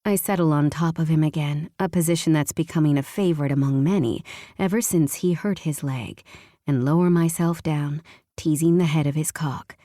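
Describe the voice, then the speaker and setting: A woman narrating a first-person romance audiobook with a hushed, intimate delivery. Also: low voice, normal speed, no echo, clean studio sound.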